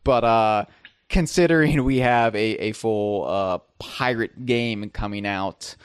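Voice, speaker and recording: A man's voice: on the low side, slow pace, clean tone, no echo, clean studio sound. A man hosting a casual podcast, joking and rambling with plenty of fillers. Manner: jokey, rambling, filler-heavy. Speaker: podcast host.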